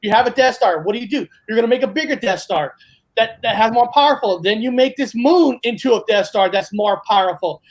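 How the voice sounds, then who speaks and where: A woman's voice: fairly high pitch, expressive, fairly quick. A woman hosting a podcast in casual chat, emphatic and opinionated, often repeating herself for effect. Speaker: podcast host.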